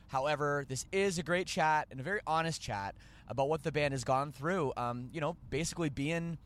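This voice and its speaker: A man's voice: a little high, a bit bright. A man hosting a podcast, rambling and joking as he corrects himself mid-sentence. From Canada. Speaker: podcast host. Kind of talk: casual podcast chat.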